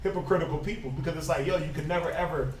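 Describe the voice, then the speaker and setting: A man's voice: fairly high pitch, racing. A man leading a Sabbath study, preaching informally with fiery rhetorical questions and chuckling asides, then reading scripture aloud. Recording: echoey room, distant mic, noisy.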